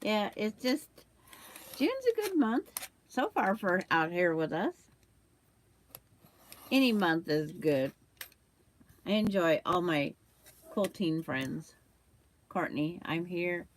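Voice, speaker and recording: A woman's voice: on the low side, big pitch swings, takes it slowly, long pauses, a little hiss or hum. An older woman hosting a quilting livestream, chatting casually with viewers while she sews and trims fabric, with the hiccups.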